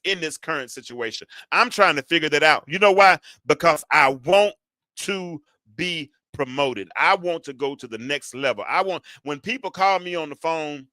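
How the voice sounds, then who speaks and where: Male preacher, rises from reflective to fervent, bright and higher pitched. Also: expressive, no room sound. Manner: rising from quiet reflection to loud, drawn-out exhortation. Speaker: preacher and show host.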